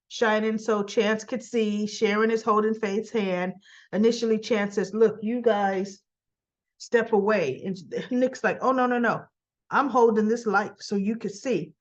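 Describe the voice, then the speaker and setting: A woman's voice: mid-range voice, dull audio. A woman hosting a casual recap, retelling scenes in a chatty way with quoted lines and her own asides. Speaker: soap opera recap host.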